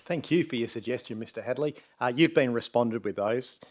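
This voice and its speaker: A man presiding over a council meeting, moving briskly through procedural items and fielding questions. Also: mid-range voice, slight background noise. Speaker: presiding mayor chairing the meeting. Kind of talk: chairing a formal council meeting.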